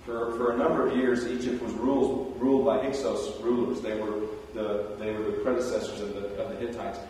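A man giving a sermon, telling the story in a conversational way with animated asides. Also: lowish voice, brisk, slight background noise. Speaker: preacher. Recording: roomy hall, distant mic.

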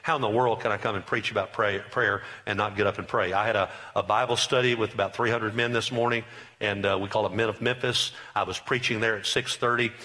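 Middle-aged male pastor, bright voice, emphatic repetitive sermon delivery. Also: lowish voice, fairly even intonation, a little fast. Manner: emphatic, repetitive preaching with rising bursts.

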